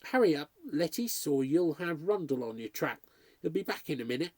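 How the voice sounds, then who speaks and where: Scolding older cook, brisk and bossy, voiced by a male reader. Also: a little high, very animated, dry recording. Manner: sharp, bossy, no-nonsense.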